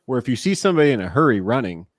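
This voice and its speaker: A man in his forties, a former pro ballplayer turned broadcaster, telling animated stories in a casual podcast interview. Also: medium pitch, rapid-fire, no room sound, studio quality. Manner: animated, laughing storyteller who acts out quotes.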